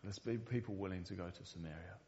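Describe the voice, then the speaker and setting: A man's voice: sits low, quick pace, mellow, in a large hall, muffled recording, slight background noise. A man preaching a sermon in a church, speaking earnestly and often repeating the first word of a sentence. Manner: earnest, repeats words when starting sentences. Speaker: pastor.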